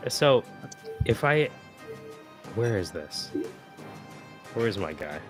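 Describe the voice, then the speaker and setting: A man's voice: lowish voice, sing-song, slow pace. A man playing a location-finding game on a live stream, chatting casually and humming along to music. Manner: playful, hums along to music. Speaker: game player on a live show.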